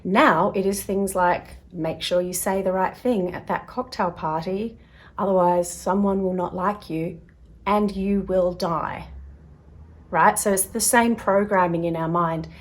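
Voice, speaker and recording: Speaking a little slowly in a lowish voice with fairly even intonation, this woman hosts a self-help video and talks casually to camera. Her manner is chatty, with little voices acted out in quotes and occasional dips into a soft, quiet tone.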